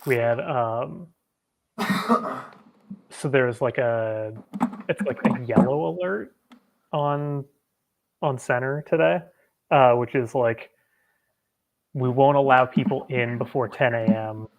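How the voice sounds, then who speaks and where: A co-host chatting casually on a livestream, joking and using slang in a relaxed way. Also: medium pitch, takes it slowly, gravelly, long pauses. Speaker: stream co-host.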